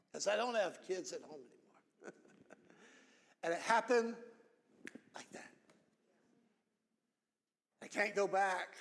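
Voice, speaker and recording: A middle-aged man preaching a sermon as pastor, earnest, repeating phrases and building up to shouted emphasis. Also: high voice, in a large hall. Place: church sanctuary.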